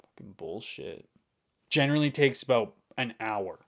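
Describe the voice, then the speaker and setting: A man's voice: medium pitch, animated, moderate pace, fairly bright tone. A young man venting to the camera in a frustrated, swearing rant, muttering some lines under his breath. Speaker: vlogger.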